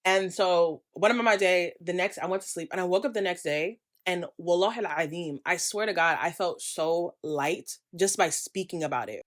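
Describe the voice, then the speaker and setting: A young woman from the United States talking straight to her camera in a candid vlog. She speaks in a slightly low voice and rants with passion. She leans on quick asides for emphasis. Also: a bit bright. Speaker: creator and vlogger.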